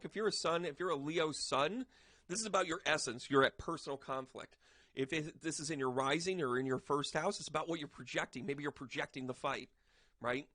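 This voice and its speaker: Male medium, chatty tarot livestream host, slightly high voice, dry close sound, animated and jokey. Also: no room sound. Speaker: psychic medium and tarot reader. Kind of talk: casual tarot reading livestream.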